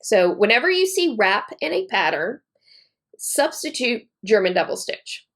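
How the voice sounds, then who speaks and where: A woman walks through a knitting technique step by step, narrating each move as she works. Her delivery is methodical and repetitive, and her voice carries a noticeable gravelly fry. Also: fairly high pitch, very animated, measured pace, fairly bright tone. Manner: methodical, repeats key points, talks while working. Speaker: knitting teacher. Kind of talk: step-by-step tutorial demonstration.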